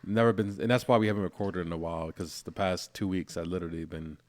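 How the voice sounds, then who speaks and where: Laid-back low-voiced man podcast co-host. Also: quick pace, dry recording. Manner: relaxed, rambling, many fillers and restarts. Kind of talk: casual chat.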